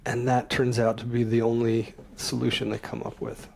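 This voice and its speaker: Middle-aged man, podcast guest, gravelly voice, earnest and emotional, personal storytelling. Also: medium pitch, monotone, normal speed. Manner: earnest, emotional, laughs easily.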